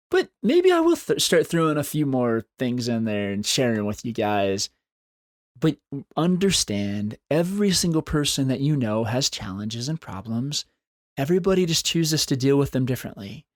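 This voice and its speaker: A man's voice: on the high side, no echo, studio quality. A man hosting a solo podcast, talking in an earnest, encouraging way and repeating phrases for emphasis. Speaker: podcast host. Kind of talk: solo motivational podcast talk.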